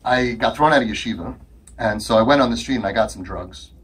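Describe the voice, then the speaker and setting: A man's voice: lowish voice, a little fast, fairly bright tone, husky, pitched below the performer's own voice. A man voicing a sarcastic young man rambling through his drug-recovery story in a mocking tone.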